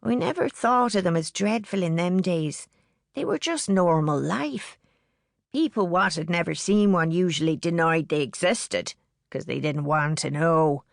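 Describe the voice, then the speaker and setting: A woman voicing an elderly bedridden woman with a Liverpool accent who talks slowly and bluntly in dialect, fretful and lecturing. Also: fairly low pitch, lively intonation, gravelly, no room sound, clean studio sound. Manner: slow, blunt dialect speech.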